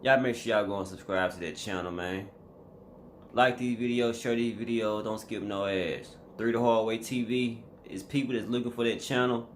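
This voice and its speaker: A man's voice: on the low side, slight background noise. A man vlogging a casual reaction commentary, emphatic and slangy, talking straight to his viewers.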